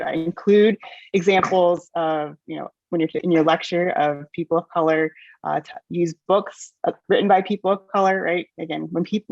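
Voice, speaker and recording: A woman's voice: low-pitched, creaky, dry recording. A woman presenting at a staff workshop, speaking hesitantly with many fillers and restarts. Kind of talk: workshop talk. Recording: dull, lo-fi sound.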